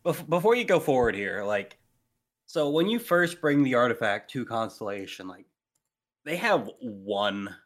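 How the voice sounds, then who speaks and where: Loud, emphatic podcast co-host man. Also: mid-range voice, big pitch swings, measured pace. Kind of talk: casual chat.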